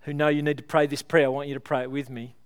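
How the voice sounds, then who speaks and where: A pastor preaches at a church service, earnest and pleading, building with illustrations before slowing down to lead the congregation in prayer. His voice is on the high side, clear and resonant, with a flat delivery.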